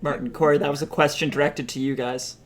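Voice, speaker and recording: A man's voice: a little high, steady tone, fast talker, a crowd in the background. A man running a tabletop game as game master, chatty and rambling, laughing often.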